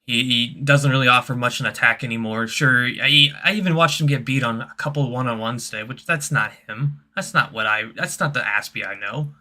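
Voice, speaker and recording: Male guest, blunt and matter-of-fact, bright forceful tone. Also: mid-range voice, brisk, few pauses. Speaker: guest on a fan stream. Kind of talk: casual post-match fan chat.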